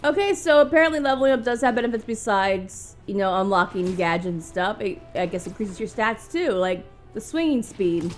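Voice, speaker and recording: A woman's voice: medium pitch, lively intonation, a little fast, hardly any pauses, over music. A woman co-hosting a let's play, chatting in an earnest, chatty way and speculating about the game. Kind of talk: casual gaming commentary.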